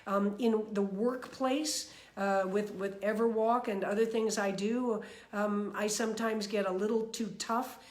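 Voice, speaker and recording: A woman's voice: medium pitch, measured pace. Chatty woman in an echoey room. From New York. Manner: chatty, animated, lots of fillers and restarts. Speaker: speaker sharing personal mantras. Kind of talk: casual motivational talk.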